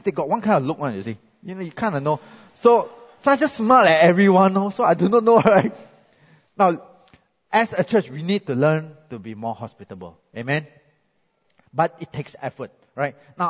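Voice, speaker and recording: A Singaporean man preaches a chatty, animated sermon, his tone high and a little husky. His voice rings with a long echo in the church hall, and the recording sounds a bit dull. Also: brisk. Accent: Singaporean English. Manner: chatty, animated storytelling with frequent "right?" tags. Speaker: pastor.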